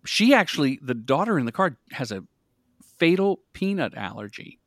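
A middle-aged man, a filmmaker guest on a podcast, telling stories in an energetic, animated way. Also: a little high, moderate pace, no room sound, studio quality. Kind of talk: casual interview storytelling.

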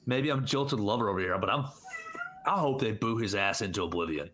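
Bright-voiced man ranting on a podcast. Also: mid-range voice, sing-song, moderate pace, long pauses, slight background noise. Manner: heated, ranting, swings between loud and muttered. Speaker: podcast co-host. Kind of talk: casual sports podcast chat. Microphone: studio headphones and mic.

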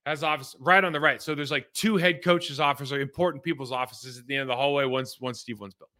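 A man's voice: mid-range voice, steady tone, quick pace, pushed and bright. A man in his forties from California, a former pro football player, talking loosely through game film with plenty of football slang. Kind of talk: casual game-film breakdown commentary.

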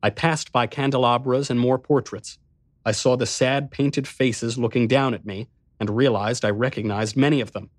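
A man giving intense first-person dramatic narration of a dark story. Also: medium pitch, steady tone, normal speed, no echo, studio quality.

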